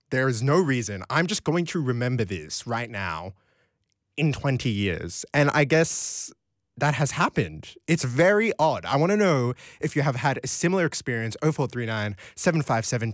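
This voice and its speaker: A man hosts a late-night radio show in a casual, rambling way, often tripping over and restarting his sentences. His pitch rises and falls a great deal. The studio sound is dry and close. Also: no echo. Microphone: studio microphone.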